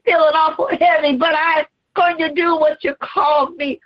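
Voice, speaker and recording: A woman's voice: high voice, little pitch movement, normal speed, close to an everyday voice. A woman preacher voicing Jesus as a suffering man carrying the cross, pleading and crying out in a dramatic sermon portrayal. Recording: slightly dull lo-fi recording.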